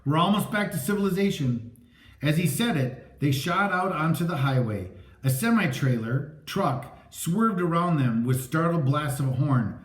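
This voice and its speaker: A man narrating a story aloud with a dramatic, lively reading. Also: on the high side, unhurried, few pauses. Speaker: audiobook narrator. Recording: echoey room.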